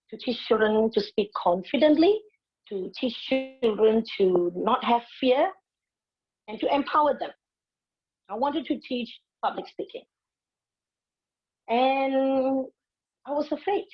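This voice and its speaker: A woman in her forties delivers a motivational speech at an unhurried pace, her voice slightly husky and a touch high. She tells her story with lively expression. The sound is muffled, like lo-fi streamed audio. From Malaysia. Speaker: invited speaker, public speaking teacher.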